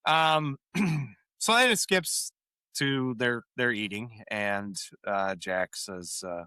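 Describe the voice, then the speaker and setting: A man's voice: mid-range voice, slow, smooth, no room sound. A man co-hosting a podcast, recapping a sitcom episode in casual chat and acting out the characters' lines between laughs. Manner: animated retelling, quoting lines with frequent laughs. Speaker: podcast co-host.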